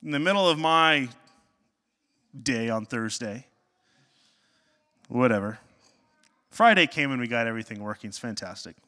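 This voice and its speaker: A man, a pastor, preaching a sermon with animated, self-deprecating storytelling and jokes. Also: medium pitch, normal speed, pauses often. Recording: long hall reverb.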